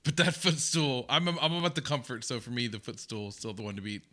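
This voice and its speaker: Lively American man reacting to clips. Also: mid-range voice, a little fast. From United States. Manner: enthusiastic, exclamatory, folksy asides to viewers. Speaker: reaction video host. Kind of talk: casual reaction commentary.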